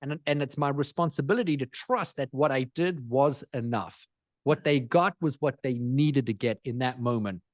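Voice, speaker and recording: A man speaking as a guest in an interview, energetic and emphatic, driving points home with repetition. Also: medium pitch, moderate pace, no room sound, clean studio sound. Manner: energetic, emphatic, repeats phrases for effect. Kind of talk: animated interview storytelling.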